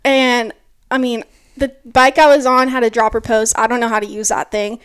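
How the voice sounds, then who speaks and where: A woman in her early twenties, a mountain bike racer, telling an animated story in an interview and peppering it with "like". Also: fairly high pitch, normal speed, clean tone. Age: early 20s. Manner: animated, lots of "like", acts out quotes.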